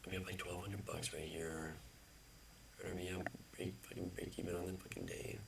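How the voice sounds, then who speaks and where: A man's voice: deep voice, level tone, normal speed, vocal fry, background noise. A man muttering his way through a live trading session, frustrated, swearing and often half-whispering. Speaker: trader streaming his own trading session.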